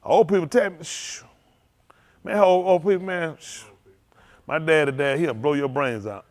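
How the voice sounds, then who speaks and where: A man, a preacher telling loose, animated stories to his congregation, laughing often and repeating himself as he goes. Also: on the high side, brisk. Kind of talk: loose storytelling sermon.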